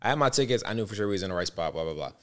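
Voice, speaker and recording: A man co-hosting a podcast, telling stories in animated, loose casual chat and swearing freely. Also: sits low, very fast. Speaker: podcast co-host.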